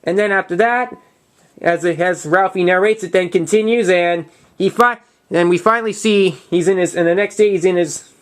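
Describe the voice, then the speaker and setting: A young man hosting his own movie review, retelling a plot in a casual, halting way full of restarts and false starts. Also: high-pitched.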